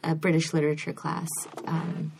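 A woman's voice: low-pitched, monotone, moderate pace, gravelly, a little mellow, a little hiss or hum. An American woman, a novelist, chatting as a guest in an interview with frequent ums and restarts. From United States. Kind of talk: casual interview chat.

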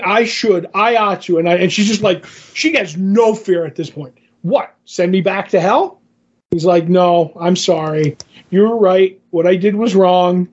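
A man's voice: sits high, measured pace, slightly rough, muffled recording. A man co-hosting a casual podcast, animatedly retelling comic book scenes and quoting the characters. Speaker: podcast co-host.

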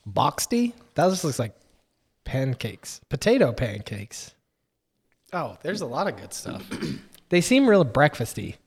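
A man's voice: medium pitch, very animated, a little slow, pauses often, husky. A man chatting casually as a podcast co-host, trading jokes with friends. His voice sits in a middling register and carries a long reverb tail, as if recorded in a big echoing space. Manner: joking, reads lists aloud. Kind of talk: casual chat.

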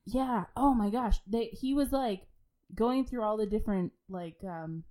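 A woman's voice: medium pitch, measured pace, mellow. Chatty woman telling a story. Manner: chatty storyteller, swears, laughs often. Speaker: podcast co-host. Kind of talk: casual chat.

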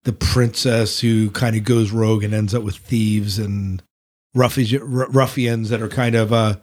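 A man's voice: fairly low pitch, steady tone, unhurried, darkish tone. A man hosting a casual podcast book discussion, rambling and teasing his co-hosts. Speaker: podcast host.

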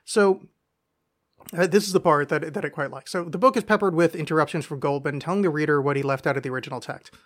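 A man's voice: on the high side, quick pace. A man hosting a casual solo podcast, reading aloud in a rambling, self-mocking way with frequent swearing. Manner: rambling, self-deprecating, profane. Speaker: podcast host.

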